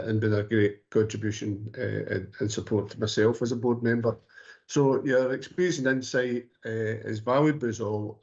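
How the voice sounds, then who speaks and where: Male chair, gravelly, halting and full of restarts, dull muffled recording. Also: fairly low pitch, a little mellow. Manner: halting, many fillers and restarts. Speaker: committee chair. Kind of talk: formal meeting chairing. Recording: muffled meeting stream audio.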